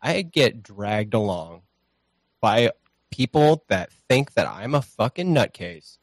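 A man with a lowish voice and wide pitch swings speaks slowly as a podcast guest, chatting casually in a loose, rambling way that's profane and self-deprecating. He's on a home streaming mic, and the recording is dry.

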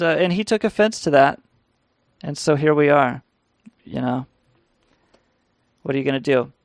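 A man with a mid-range voice and vocal fry hosts a call-in radio show, casually telling rambling, crude stories and laughing along the way. The recording is dry.

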